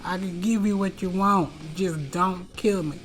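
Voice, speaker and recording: A comedic narrator voicing a cruel slave-owner villain in a high, drawn-out pained voice. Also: fairly even intonation, soft background music, close to an everyday voice. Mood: pleading.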